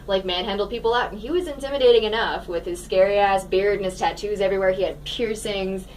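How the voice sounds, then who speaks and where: Female radio guest, mid-pitched, friendly and chatty, faint background hiss. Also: fairly even intonation, quick pace, darkish tone, rough recording. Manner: chatty, friendly, laughs easily. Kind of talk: casual radio banter. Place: radio studio.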